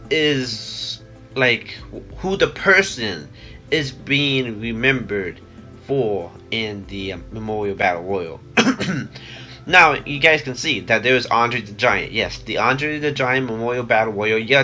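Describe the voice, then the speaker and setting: A man's voice: medium pitch, bright, forceful tone. A young man with a stuffy nose from a cold, rambling casually with many fillers and restarts. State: congested from a cold. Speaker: vlogger.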